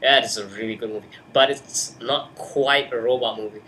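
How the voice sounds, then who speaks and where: A man's voice: mid-range voice, steady tone, normal speed, sharp tone, a little hiss or hum. A young man talking casually about a film into a webcam in his bedroom, hyper and jokey. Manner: hyper, jokey, breaks into silly put-on voices. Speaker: host. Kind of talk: casual movie chat.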